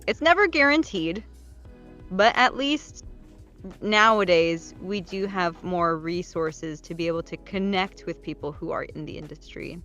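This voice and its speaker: A woman hosts a casual interview at a slow, unhurried pace. Her voice sits on the low side, and she chimes in often with gentle reactions. Faint music plays behind her. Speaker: host.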